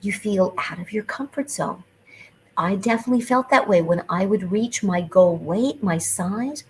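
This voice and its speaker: A woman's voice: mid-range voice, normal speed, slight background noise, low-quality recording. Chatty middle-aged woman podcast host. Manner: chatty, animated, playful asides. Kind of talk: solo podcast talk.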